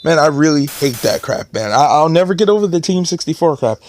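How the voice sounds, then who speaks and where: A man's voice: a little high, lively intonation, a little fast, a little mellow, a little hiss or hum. Chatty man giving game commentary. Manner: chatty, exasperated joking asides. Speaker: let's play host. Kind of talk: casual gaming commentary.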